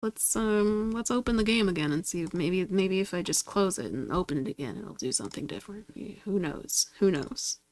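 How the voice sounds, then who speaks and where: Her fairly low, slightly mellow voice comes across animated and brisk, with few pauses, on a dry recording. A woman streaming at her computer, she chats to herself during a game and gets exasperated, swearing at it.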